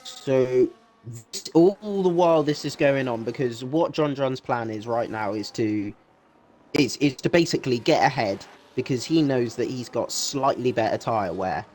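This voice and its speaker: A man's voice: medium pitch, unhurried, a little mellow, a little hiss or hum. Male co-commentator, analytical, stop-start delivery. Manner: analytical, repeats words when restarting. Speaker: race commentator. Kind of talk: sim racing co-commentary.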